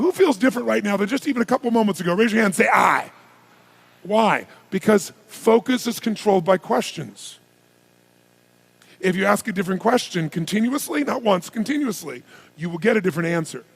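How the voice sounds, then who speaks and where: A man giving a live motivational seminar on a stage before a large audience, energetic, firing rhetorical questions at the crowd and at times shouting to rouse them. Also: high-pitched, creaky, breathy edge. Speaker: motivational speaker.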